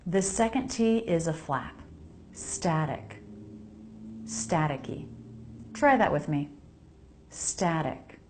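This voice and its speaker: Slow, precise American woman, pronunciation coach, drilling words in a slightly low voice. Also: expressive, a little mellow, a little hiss or hum. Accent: General American. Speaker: English pronunciation teacher. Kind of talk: pronunciation lesson voice-over.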